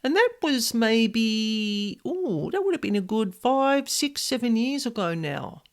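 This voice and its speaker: A woman hosting a podcast, telling a personal paranormal experience in a casual, expressive way with many "like" fillers. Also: a little high, slow. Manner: animated, expressive, frequent "like" fillers. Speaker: podcast host, paranormal specialist. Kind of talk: casual storytelling monologue.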